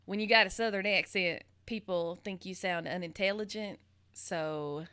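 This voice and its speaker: A woman's voice: mid-range voice, moderate pace, pushed and bright, clean tone. A woman from the American South hosting a casual interview, bubbly and giggly. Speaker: podcast host, interviewer.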